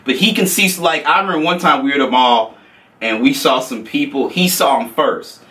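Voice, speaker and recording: Animated, swearing male storyteller, bright voice, a bit far from the mic. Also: medium pitch, fairly quick. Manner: animated, profane, acts out quotes. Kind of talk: casual storytelling.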